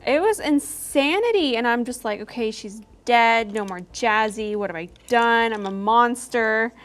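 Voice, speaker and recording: A woman's voice: a little high, expressive. A young woman vlogger chatting and telling a story while doing her makeup, chatty and giggly. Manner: chatty and giggly, quick storytelling with quoted asides. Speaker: beauty vlogger.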